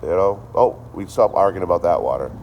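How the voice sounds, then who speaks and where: A man telling a profane story in a casual, animated rant, often repeating himself. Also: low-pitched, a little fast, dull audio, slight background noise. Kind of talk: casual ranting monologue.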